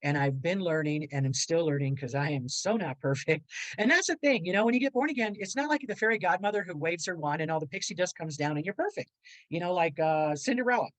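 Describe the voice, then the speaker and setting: An older woman, a guest on a video call, telling her life story in a lively way, acting out the voices she quotes and laughing often. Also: fairly low pitch, quick pace, dry recording, low-quality recording. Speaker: guest speaker. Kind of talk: animated personal storytelling.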